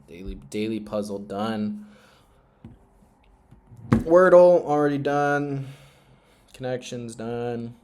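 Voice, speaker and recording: A man's voice: fairly low pitch, vocal fry, darkish tone, slight background noise. Young man muttering and rambling on a stream. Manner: rambling, profane, emotional self-talk; often drops to a mutter. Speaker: trading livestreamer. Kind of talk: casual live-stream monologue.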